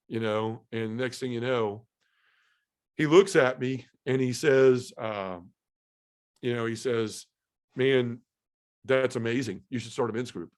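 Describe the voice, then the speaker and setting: A man's voice: medium pitch, clear, resonant tone. A middle-aged man giving an earnest, heartfelt personal testimony as a podcast guest, restarting his sentences as he goes.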